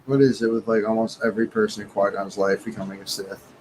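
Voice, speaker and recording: A man chatting on a livestream in a jokey, animated way, telling stories and cracking jokes. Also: lowish voice, fast, very noisy. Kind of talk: casual livestream chat.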